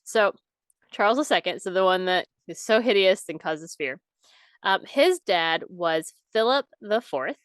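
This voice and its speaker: Chatty woman with a smooth voice. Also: medium pitch, lively intonation, a little slow, a bit bright, dry recording. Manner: chatty, swears freely, lots of "like". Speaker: podcast co-host. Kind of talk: casual chat.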